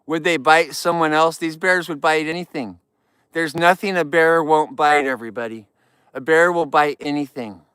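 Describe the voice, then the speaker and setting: A man's voice: a little high, fairly bright tone, clean tone, no echo. Upbeat rambling man outdoors. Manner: rambling, upbeat, talks straight to viewers. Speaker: outdoor livestream host. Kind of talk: casual live vlog chat. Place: outdoors in the wild.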